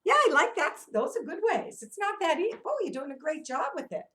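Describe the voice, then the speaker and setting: A woman's voice: high voice, very animated, a little fast, pushed and bright. A woman leading young children through an interactive read-aloud, coaxing them with questions and sing-song chants. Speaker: children's movement teacher.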